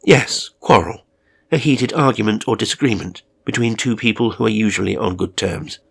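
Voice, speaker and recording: A man, reading a horror story, voicing a polite, literal-minded male carer who speaks in a calm, precise and oddly formal way. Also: on the low side, normal speed, vocal fry, husky. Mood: composed. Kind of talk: audio drama reading.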